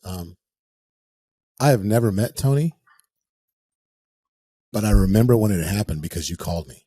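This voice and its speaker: A husky man in his forties, a podcast guest, talks in an easygoing, joking way. He often pauses and hesitates with fillers. His voice sits fairly low. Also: expressive, mellow. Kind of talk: conversational interview.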